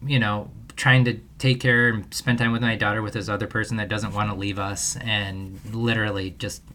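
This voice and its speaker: A man's voice: lowish voice, level tone, normal speed, sharp tone, slight background noise. A man hosting a parenting podcast alone, telling a long story in a loose, rambling way and laughing at himself often. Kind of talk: casual solo podcast monologue.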